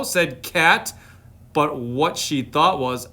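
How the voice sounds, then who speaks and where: A man's voice: a little high, slow pace, a bit bright. A man reading a picture book aloud on a live stream, playful, with chatty asides to his viewers. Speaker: storytime reader.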